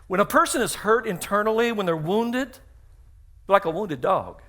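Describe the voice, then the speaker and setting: A man's voice: high-pitched, lively intonation, moderate pace, sharp tone. A middle-aged man, a pastor, preaching a sermon in a church, telling stories with acted-out dialogue and emphatic repeated phrases. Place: church sanctuary.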